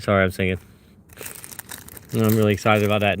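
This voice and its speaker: A man's voice: lowish voice, moderate pace, pauses often, fairly bright tone, a little hiss or hum. A man vlogging outdoors on a hillside, talking to his viewers as he searches and bursting into glee over each find. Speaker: vlogger hunting fossils. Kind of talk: casual talk to camera while searching.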